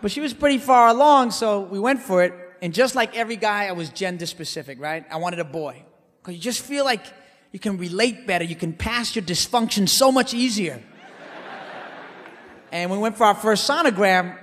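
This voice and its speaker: A man performing a comic stage monologue in a theater, telling his story with animated swings between loud and hushed delivery. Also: high voice, moderate pace. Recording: live hall reverb, faint background noise.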